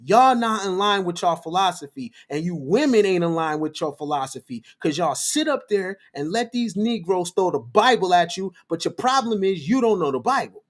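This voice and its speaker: Male livestream host, preachy and fiery, lively swooping pitch, repeats lines for emphasis. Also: moderate pace, hardly any pauses.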